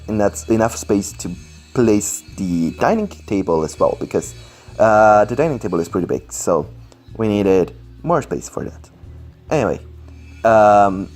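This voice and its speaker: His voice sits on the low side and sounds a little mellow. A man with English as a second language, he gives rambling, casual Sims speedbuild commentary at home with a computer on his lap, filling it with fillers and apologies.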